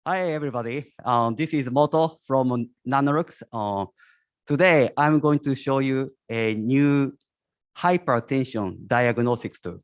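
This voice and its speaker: CEO delivering a prepared pitch, steady and rehearsed, dry mic. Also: male voice, unhurried, no echo.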